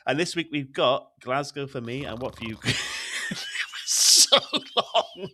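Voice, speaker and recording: A man's voice: medium pitch, fairly quick, a bit bright, slight background noise. Giggly British man cohosting a podcast. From Great Britain. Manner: giggly, self-deprecating, laughs often. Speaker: podcast co-host. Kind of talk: casual chat.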